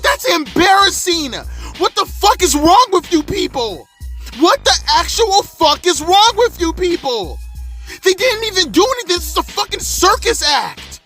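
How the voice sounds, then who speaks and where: A man's voice: very high-pitched, big pitch swings, unhurried, sharp tone, soft background music. A man in his thirties reviewing a wrestling show in an angry, profane rant from inside his car, repeating himself and swearing constantly. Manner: exasperated, repetitive, swearing constantly.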